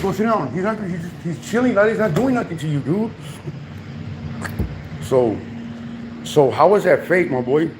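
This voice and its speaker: A man's voice: a little high, noisy background. A man in a heated livestream rant from home, confrontational, repeatedly calling the listener dog and my boy.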